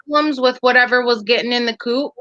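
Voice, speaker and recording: Bright, animated chatty woman. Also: a little high, quick pace, dry recording, dull audio. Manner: animated storyteller, swears, acts out quotes loudly. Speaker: podcast co-host. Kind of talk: casual chat.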